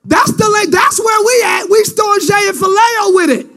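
A male preacher with a strikingly high voice retells scripture in loose street slang. He often rises into full shouts, then drops back into easy asides. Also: normal speed, faint music behind. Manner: slangy, animated, switches into shouting. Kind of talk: sermon.

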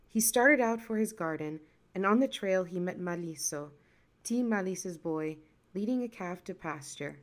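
A woman narrating a folktale in a lively, expressive storytelling voice. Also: lowish voice, normal speed.

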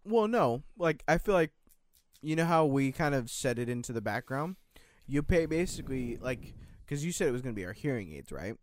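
A man's voice: medium pitch, sing-song, fairly quick. Rambling, hedging young American man. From United States. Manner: rambling, hedging, restarts often, swears casually. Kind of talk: casual chat.

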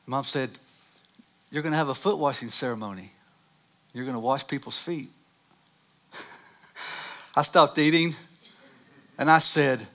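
Bright-voiced pastor preaching. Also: male voice, fairly high pitch, measured pace, pauses often. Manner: animated storytelling, rising loud on dramatic moments. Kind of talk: sermon with personal stories.

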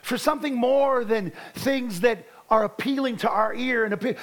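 A male preacher with a notably high voice, delivering a sermon as a personal testimony. He speaks fervently and circles back on his words as he drives a point home. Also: moderate pace, few pauses. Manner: fervent, repeats words when building a point.

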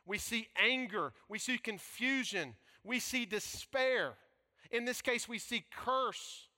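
A man preaching a sermon, emphatic, swinging from shouts to near whispers. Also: extremely high pitch, lively intonation, takes it slowly, big-room sound. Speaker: pastor.

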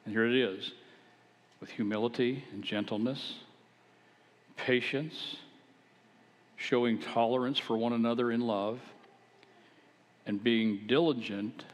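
A man's voice: mid-range voice, steady tone, slow pace, long pauses. A man, a pastor, preaching a sermon, earnest and at times emphatic as he exhorts his listeners. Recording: long hall reverb.

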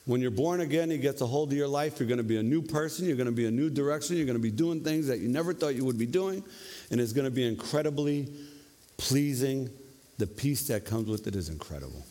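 A male preacher giving a lively, conversational sermon, often tagging his points with questions. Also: mid-range voice, fast talker. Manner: conversational, animated, tag questions. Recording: long reverb of a hall.

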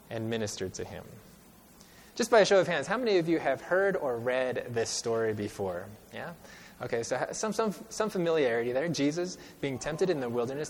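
A male preacher giving a sermon, reading scripture slowly and with emphasis and quizzing his listeners as he goes. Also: a little high. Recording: long reverb of a large hall.

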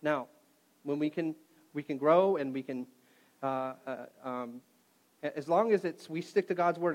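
A middle-aged man preaching a sermon, telling a personal story in an animated way that swings between loud and quiet. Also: a little high. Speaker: pastor.

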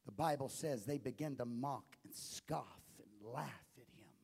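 A male pastor preaching a sermon, often building up to impassioned shouting. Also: medium pitch, unhurried, gravelly, husky.

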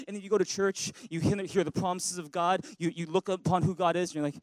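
A man delivers a lively church sermon in a notably high voice. He is recorded close and dry with little room sound. He slips into anxious voices as he preaches and calls the congregation to respond aloud. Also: fast talker, few pauses, dry recording, low-quality recording. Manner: animated preacher who acts out worried voices and leads call-and-response. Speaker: pastor. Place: church sanctuary.

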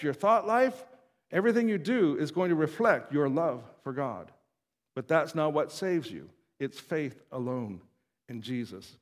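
Man preaching in a reverberant hall. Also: on the high side. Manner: conversational preaching with chuckles and quoted voices. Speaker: pastor. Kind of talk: sermon.

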